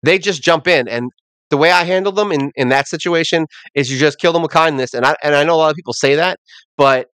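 Middle-aged male podcast host, quick rambling delivery, acts out the people in his stories, dry close sound. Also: on the high side, smooth, no room sound. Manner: rambling, animated storytelling that acts out customers. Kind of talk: casual solo podcast rant.

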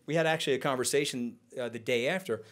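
A man tells stories from a conference stage. His delivery is animated and conversational. He slips into other people's voices to act out quotes as he goes. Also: mid-range voice, fast talker. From United States. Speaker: guest speaker. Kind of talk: onstage storytelling conversation.

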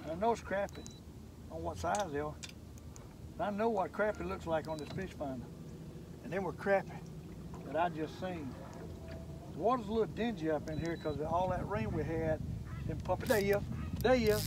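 Older man, fishing vlog host; folksy, excitable, high-pitched, recorded on a lake with boat noise, mic at a distance. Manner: folksy, excitable, talks straight to viewers. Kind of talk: casual fishing vlog narration.

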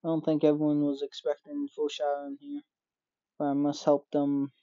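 A gaming YouTuber reading out game dialogue for many characters in quick succession, sometimes exclaiming. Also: medium pitch, monotone, dark tone, dry recording, lo-fi sound. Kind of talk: game playthrough with read-aloud dialogue.

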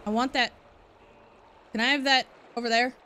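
A woman's voice: on the high side, fairly even intonation, moderate pace, noisy background. A woman streamer talking chattily and expressively to her chat while she plays a game, swinging from gushing to grumbling. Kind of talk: live game streaming commentary. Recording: game music playing behind.

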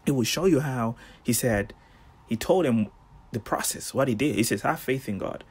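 Husky man giving a casual devotional. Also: mid-range voice, normal speed. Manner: animated storytelling, slangy asides, laughs. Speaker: devotional host.

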